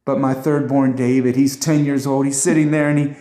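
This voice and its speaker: A man's voice: mid-range voice, little pitch movement, fairly quick, mellow. A middle-aged man earnestly telling an emotional family story as a personal testimony. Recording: roomy echo.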